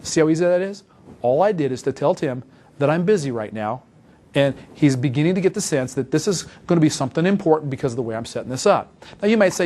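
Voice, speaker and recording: A man delivers a sales training talk at a rapid clip, his voice sitting a bit high for a man. He sounds brisk and emphatic and repeats key points for stress. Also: animated, warm tone. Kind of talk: instructional talk with role-played phone calls.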